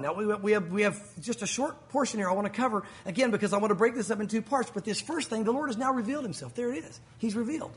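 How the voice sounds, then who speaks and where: Male pastor, unusually high pitch, animated storyteller. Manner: animated storytelling, acting out crowd shouts. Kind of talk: sermon.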